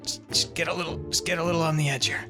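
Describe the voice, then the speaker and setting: Excitable man narrating his gameplay. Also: fast, over music. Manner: chatty, thinks aloud, jumps high and squeals when panicking. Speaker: Minecraft let's play host. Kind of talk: casual gameplay commentary.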